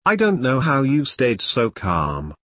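A man's voice: medium pitch, huge pitch swings, slow pace, fairly bright tone, no room sound, studio quality, exaggerated voice. A man reading as an earnest woman army nurse.

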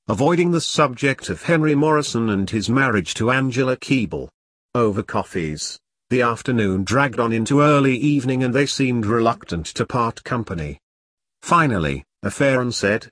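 A man narrating an audiobook in a measured storytelling manner. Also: mid-range voice, animated, slightly rough, no room sound, studio quality.

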